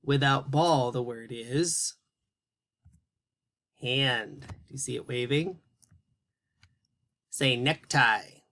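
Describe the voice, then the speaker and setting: Guy teacher doing a kids' phonics lesson, really slow and patient, spells every word out clearly. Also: mid-range voice, pushed and bright. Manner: slow, encouraging, carefully spelled-out words for young kids.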